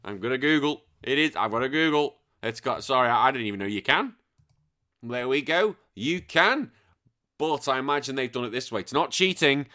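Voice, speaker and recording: A middle-aged English man hosting a podcast, reading out listener messages in casual chat and bursting into loud sworn exclamations. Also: mid-range voice, moderate pace. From England. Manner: animated, swears freely, bursts into loud exclamations. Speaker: podcast host.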